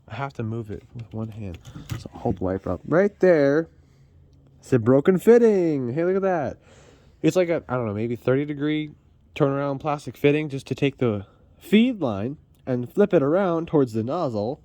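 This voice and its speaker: In a dry recording, a man with a mellow, mid-range voice swings widely in pitch at normal speed. He's a vlogger rambling casually and self-deprecatingly while repairing a car in his garage, holding his phone camera.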